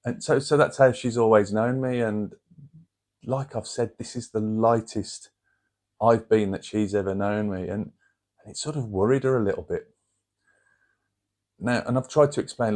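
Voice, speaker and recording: A middle-aged man with a Brummie accent and a slightly low voice talks straight to camera. His delivery is chatty and rambling, like a host catching up with regular viewers. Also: fairly even intonation, normal speed, pauses often, a little mellow. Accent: Birmingham (Brummie). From England. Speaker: channel host. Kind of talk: casual chat to camera.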